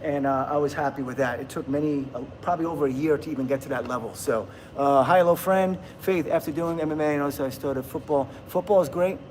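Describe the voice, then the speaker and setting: Talking fast with few pauses, this American man in his fifties replies cheerfully to viewer comments during a casual livestream. His voice sits on the high side and is a little mellow, with slight background noise.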